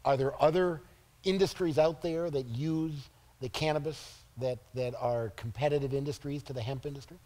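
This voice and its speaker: A man's voice: on the high side, fairly even intonation, moderate pace, dark tone. A man moderating a forum panel, putting questions and calling on the audience. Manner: brief, informal interjections.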